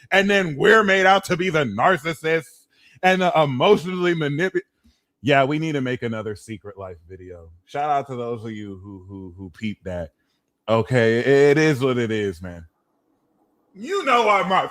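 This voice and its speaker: Animated man chatting about astrology. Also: on the high side, normal speed. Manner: animated, swears, acts out impressions. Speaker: astrology reader. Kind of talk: casual monologue.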